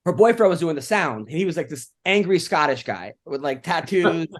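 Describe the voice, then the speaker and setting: High-voiced man telling rambling stories. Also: expressive, fairly quick. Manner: rambling storyteller, many "like" fillers. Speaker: podcast co-host. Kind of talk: casual chat.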